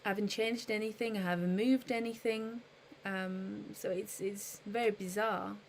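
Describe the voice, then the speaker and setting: A woman's voice: mid-range voice, fairly even intonation, moderate pace, slight background noise. A woman live streaming in casual chat, thinking aloud and patiently explaining trading to her viewers.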